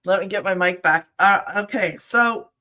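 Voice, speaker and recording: A woman's voice: medium pitch, moderate pace, sharp tone. A woman hosting an online community call, upbeat and encouraging in a casual presenting style.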